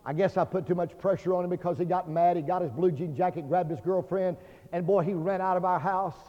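A Baptist pastor preaching a fervent sermon, swinging between loud declarations and hushed tones. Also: male voice, sits high, fairly even intonation, brisk. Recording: dull lo-fi sermon recording with long hall reverb.

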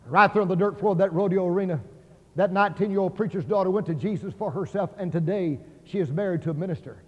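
A man preaching a revival sermon as an evangelist in a large auditorium, impassioned, acting out the voices in his stories and rising to near shouts. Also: high voice, quick pace. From Oklahoma. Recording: dull sound in a hall with long reverb.

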